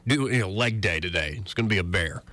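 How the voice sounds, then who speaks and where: A man hosts a talk radio show, his voice forceful and full of rises and falls. his political commentary runs sarcastic and cynical. the sound is dry and close, with no room around it. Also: low-pitched, animated, quick pace, no echo. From Alabama. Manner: sarcastic, self-described cynic.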